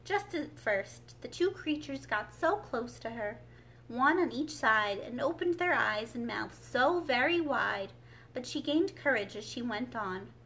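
Librarian, woman, storybook read-aloud, high and bright, expressive. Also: a little slow, slight background noise. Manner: clear, expressive reading to families. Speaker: children's librarian. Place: library children's room.

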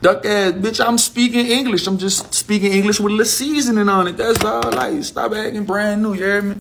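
A man's voice: sits high, fairly even intonation, fairly quick, vocal fry, fairly bright tone. A man ranting casually to the camera, mocking and exasperated, full of slang.

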